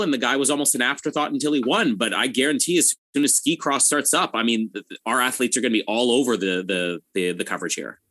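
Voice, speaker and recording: Bright, crisp-voiced Canadian man. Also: mid-range voice, no echo. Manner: talkative, explaining. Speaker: podcast co-host. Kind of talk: casual sports chat.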